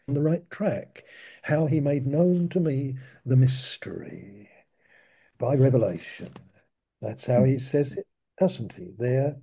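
A man teaching from the Bible in an informal, conversational way, slow and halting, often restarting his sentences. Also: mid-range voice, warm tone, breathy edge. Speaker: preacher.

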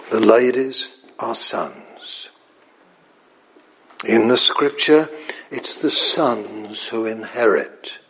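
A man preaching a sermon, swinging between hushed whispers and high, impassioned pleading prayers.

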